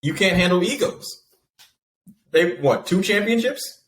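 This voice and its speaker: A man's voice: high voice, expressive, measured pace, fairly bright tone. A man co-hosting a sports podcast, blunt and dismissive, with slangy casual talk. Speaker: podcast co-host. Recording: echoey room with faint noise.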